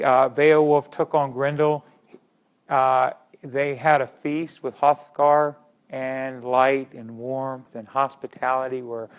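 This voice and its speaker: A middle-aged man giving a public history lecture, stressing key words by repeating them and putting questions to his audience. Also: mid-range voice.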